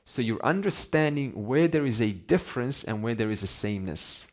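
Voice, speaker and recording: A man's voice: mid-range voice, animated, normal speed. A man teaching a class on scripture, conversational, asking his students questions and laughing between points. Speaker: Vedanta teacher.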